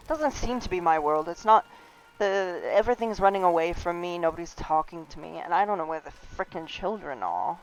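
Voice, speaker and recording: A woman's voice: deep voice, moderate pace. A woman game streamer giving chatty, rambling, giggly commentary live. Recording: slightly dull stream audio with faint game music.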